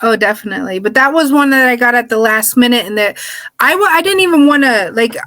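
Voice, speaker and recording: A woman's voice: a little high, lively intonation, quick pace, bright, forceful tone, no room sound. A young woman, an actor, chatting casually with lots of "like" fillers. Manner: casual, uses many fillers like "like". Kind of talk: casual interview chat.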